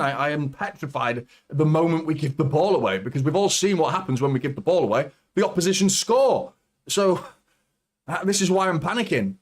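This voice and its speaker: A man hosting a live football watchalong, commentating as a fan and swearing a lot as he swings from nervous muttering to shouting. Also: on the high side, expressive, brisk.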